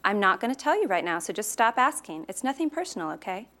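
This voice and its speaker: A woman's voice: mid-range voice, big pitch swings, fast, sharp tone. A woman voicing a bold, impish teenage girl who talks in a breezy, teasing way.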